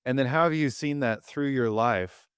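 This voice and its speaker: A male podcast host with a voice of ordinary pitch asks thoughtful, probing questions in a reflective way. His voice is recorded close and dry, with no room echo. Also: moderate pace, smooth. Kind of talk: podcast interview.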